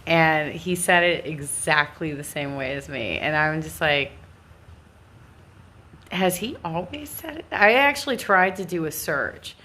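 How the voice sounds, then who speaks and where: A woman with a Californian accent chats at an unhurried pace to her live stream viewers. Her voice sits low, and she rambles, restarts and laughs off her own sentences as she goes. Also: lively intonation, bright, forceful tone. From Southern California. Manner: rambling, self-interrupting, laughs often. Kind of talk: casual monologue.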